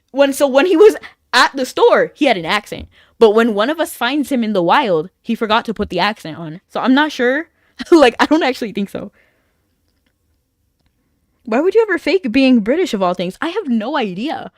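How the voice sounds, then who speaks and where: A woman's voice: on the high side, dry recording. A woman streamer chatting casually with her viewers while playing an online game, rambling and laughing often.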